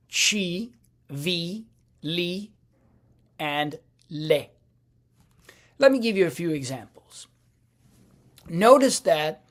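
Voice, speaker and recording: A man teaching a language lesson, explaining slowly with frequent restarts and fillers. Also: a little high. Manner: slow, hesitant, with many restarts and fillers.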